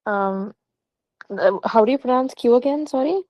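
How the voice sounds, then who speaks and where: A woman from Canada, a student in a live online lesson, reciting hesitantly with many pauses and fillers. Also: a little high, a little mellow, dry recording. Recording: dull, dry lo-fi audio.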